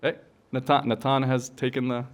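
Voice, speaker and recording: A man joking as he speaks at his mother's memorial, playful and halting, with fillers. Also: mid-range voice, level tone. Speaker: son of the deceased, eulogy speaker.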